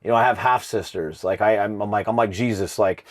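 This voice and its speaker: A man's voice: on the low side, a little fast. Swearing fighter telling his story, bro. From Iowa. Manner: heavy swearing, says "bro" constantly; earnest, confessional storytelling. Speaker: podcast guest, pro fighter. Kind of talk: casual podcast chat.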